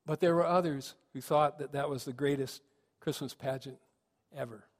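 A man's voice: mid-range voice, fairly even intonation, moderate pace. A man, a minister, giving a sermon with reflective storytelling that rises to earnest emphasis. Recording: long reverb of a large hall.

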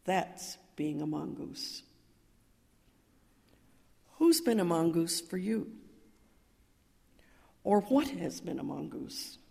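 A woman's voice: fairly low pitch, slow pace, vocal fry, long pauses. Older woman preaching in an echoing hall. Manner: calm storytelling, building to emphatic cries. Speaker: minister. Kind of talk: sermon. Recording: reverberant hall.

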